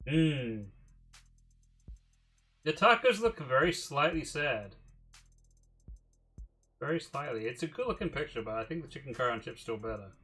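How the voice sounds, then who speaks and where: A streamer talks through his choices out loud, casual and now and then profane. His tone is bright and crisp, at a middling pitch. Soft music plays faintly behind him. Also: expressive, moderate pace, pauses often. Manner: musing aloud, mildly profane. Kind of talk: casual livestream commentary.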